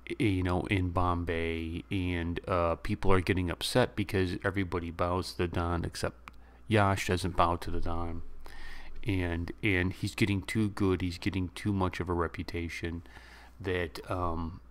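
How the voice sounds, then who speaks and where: A man recapping and reviewing a movie in a rambling, excitable way, acting out lines from the scenes. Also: low-pitched, unhurried. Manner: excitable, rambling retelling with laughs and quoted lines.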